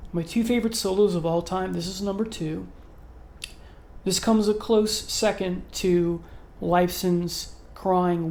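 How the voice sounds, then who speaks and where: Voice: mid-range voice, warm tone. A channel host giving an unscripted spoken review to camera, earnest and admiring, with frequent ums and uhs. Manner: earnest, admiring, gets emotional about the music. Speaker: music video host ranking songs.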